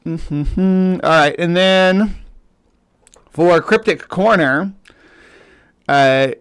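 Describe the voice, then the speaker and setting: A man's voice: sits high, extremely slow, clean tone. A man hosting a casual livestream, rambling with lots of fillers and restarts. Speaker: host.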